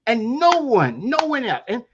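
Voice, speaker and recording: Emphatic Maryland man, high lively voice. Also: normal speed, husky, muffled recording. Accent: Maryland Eastern Shore, African American Vernacular. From Maryland Eastern Shore, USA. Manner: emphatic, rhetorical, preacherly cadence with tag questions. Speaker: university lecturer, guest. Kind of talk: impassioned interview talk.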